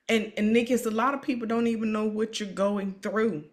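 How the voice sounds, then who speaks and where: A woman hosts an emotional live-stream interview, speaking a little fast in a fairly high, steady voice. She is encouraging and tends to repeat herself.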